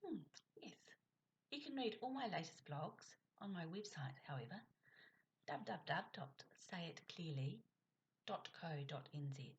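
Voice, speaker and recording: A woman's voice: lowish voice, animated, a little slow. A middle-aged woman, a speech coach chatting casually in her vlog and leaning on stressed words to show tone. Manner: chatty, demonstrates stressed words with rising emphasis. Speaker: speech and communication coach and author.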